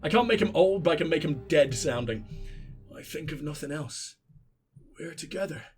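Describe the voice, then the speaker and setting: A mournful, ghostly old gnome in a video game , as a stuffy-nosed man puts him on, speaking slow and hushed in a mock-Irish lilt, much lower and softer than the performer's own voice. Each line sounds drained of life, like a last farewell. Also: animated, over music, lightly acted. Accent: attempted Irish. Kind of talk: reading a game letter aloud in a voice.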